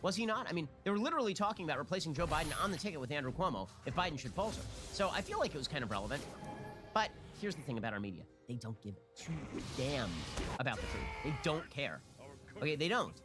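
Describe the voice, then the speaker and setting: A man hosting a political commentary show, sarcastic and mocking in his rapid-fire delivery. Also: fairly high pitch, big pitch swings, over music.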